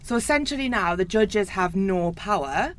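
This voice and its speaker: A woman's voice: medium pitch, lively intonation, normal speed. A young woman with a Geordie accent hosting a casual interview and teasing her guests. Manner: teasing, laughs often. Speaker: host.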